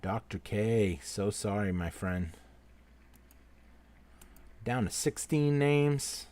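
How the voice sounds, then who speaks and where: A man with a fairly low, animated voice runs a live-stream giveaway at a slow pace. He calls out names one at a time, telling each "so sorry, my friend" in a casual, friendly way, and swings between loud call-outs and quiet asides.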